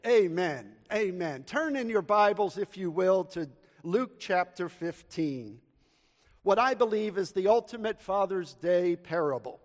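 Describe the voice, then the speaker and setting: A man's voice: high voice, animated, measured pace. A man, a pastor who prays earnestly and then tells a humorous story to his congregation in a sermon. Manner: earnest, storytelling with audience call-and-response. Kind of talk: sermon with prayer and humorous anecdote. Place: church sanctuary. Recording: long church hall reverb.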